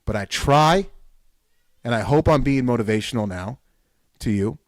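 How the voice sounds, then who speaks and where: A man's voice: medium pitch, lively intonation, moderate pace, dry recording. Fired-up man giving a dry pep talk. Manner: fired-up, repetitive exhortations with loud bursts. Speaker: podcast host. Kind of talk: solo podcast pep talk.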